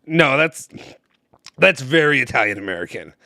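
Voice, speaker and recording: Gravelly, bright-voiced man chatting playfully. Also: mid-range voice, very animated, normal speed, dry recording, clean studio sound. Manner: playful, laughs often, teasing. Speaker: co-host of a fan live stream. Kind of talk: casual chat.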